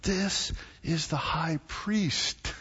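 Slow animated preacher in an echoey hall. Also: male voice, fairly high pitch, husky. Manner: animated, slow and deliberate, swings between loud and hushed. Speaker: pastor. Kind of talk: sermon. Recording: muffled, echoey church hall.

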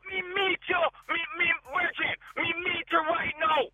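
A man's voice: extremely high pitch, level tone, moderate pace, sharp tone, dry recording. A man with a Jamaican accent, heard on the phone as the target of a prank call, talking in a heated, rambling, repetitive way. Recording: tinny phone line.

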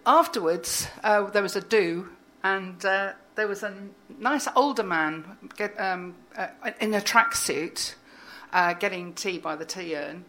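A woman's voice: medium pitch, fairly bright tone. Woman poet reading and chatting. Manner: halting, with frequent fillers and restarts. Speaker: poet, guest. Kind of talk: poetry reading and casual interview chat.

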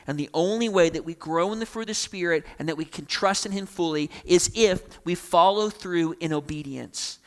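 A young man preaching a sermon, animated, acting out quoted voices along the way. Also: a little high. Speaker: pastor.

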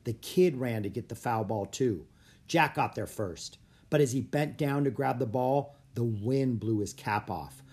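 An audiobook narrator reading a children's chapter book aloud, breaking into sudden loud, high shouts for the characters. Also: measured pace, husky. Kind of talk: storybook read-aloud.

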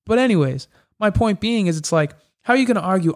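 Animated fighter telling fight stories. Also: male voice, high voice, fast talker, hardly any pauses. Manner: animated, acts out quoted exchanges. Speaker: MMA fighter guest. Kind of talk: casual storytelling interview.

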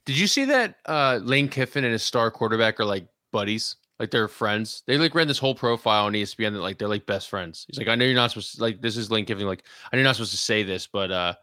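Man, sports podcast co-host, teasing, bright voice, dry room. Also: fairly low pitch, animated, fast, few pauses, dry recording. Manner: teasing, joking, swears freely. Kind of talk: casual sports chat.

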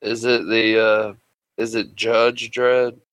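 A man's voice: lowish voice, flat delivery, takes it slowly, fairly bright tone, no echo, rough recording. A man trading profane jokes and rambling guesses in a casual movie quiz with friends. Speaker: quiz contestant. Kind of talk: casual banter.

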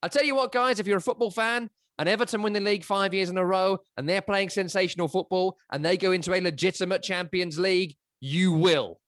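A man's voice: high voice, steady tone, a little fast, few pauses, a bit bright, dry recording, clean studio sound. A man co-hosting a casual football podcast, opinionated and given to sweeping rhetorical riffs. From England. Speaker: podcast co-host.

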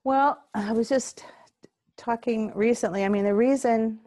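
A woman's voice: fairly high pitch, measured pace, dry recording. An older woman, a singer-songwriter and courage coach, telling stories in a casual interview and acting out the voices she quotes. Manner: animated storyteller who acts out quoted voices.

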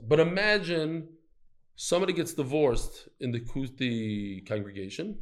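A man teaching a lively Talmud class to a live audience, quizzing his listeners and telling stories as he goes. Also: medium pitch. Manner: animated, storytelling, quizzes the listeners.

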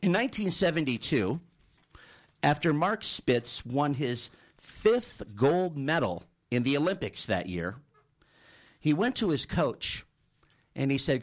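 A man's voice: fairly high pitch, sing-song, measured pace. A man hosting a talk show who thanks his guest and tells a story in a loose, conversational way, often repeating words. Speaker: host. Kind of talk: talk show, telling an anecdote.

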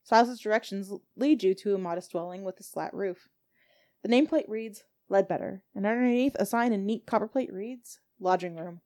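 Woman game master, mid-pitched, narrating a tabletop game, reads steadily, small stumbles. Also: brisk, a little mellow.

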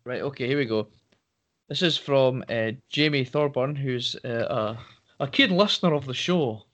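Rambling podcast co-host. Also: male voice, medium pitch, moderate pace, fairly bright tone. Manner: rambling, searching for names, laughing. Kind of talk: casual chat.

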